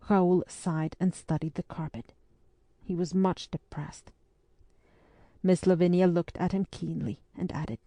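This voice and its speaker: Sex: woman. Role: audiobook narrator. Style: scripted narration. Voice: low, mellow, dry. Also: unhurried, no room sound.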